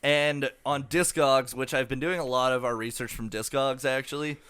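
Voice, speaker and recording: A man co-hosts a laid-back comedy album review podcast. His voice is bright and crisp. He rambles loosely, full of fillers and casual swearing. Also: mid-range voice, fairly even intonation, moderate pace. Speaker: podcast co-host.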